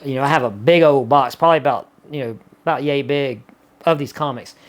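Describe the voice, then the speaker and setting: A man's voice: medium pitch, fairly quick. A man chatting casually to camera in a folksy, rambling way, full of "you know" and restarts. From Gulf Coast of the US. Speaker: vlogger.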